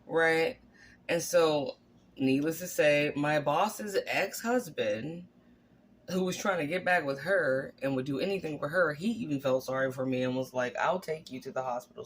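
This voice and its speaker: A woman's voice: sits low, normal speed. A woman in her forties tells a personal story straight to camera, blunt and unfiltered. She swears freely and slips into little impressions of the people involved. A faint background hiss runs under her voice. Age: 40s. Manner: candid, blunt, profane, animated, acts out quotes. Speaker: vlogger. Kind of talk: candid storytelling vlog.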